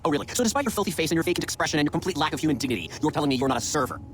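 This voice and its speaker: An actor playing a foul-mouthed, abusive head chef who rants and then sinks into self-pity, in a game. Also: male voice, on the high side, animated, rapid-fire, slight background noise, natural voice. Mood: ranting. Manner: ranting, profane, self-pitying. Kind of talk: video game voice acting.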